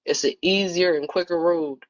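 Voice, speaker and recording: A woman's voice: lowish voice, fairly even intonation, moderate pace. A woman in a casual book club conversation, telling a personal story in a reflective, storytelling manner. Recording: muffled lo-fi audio.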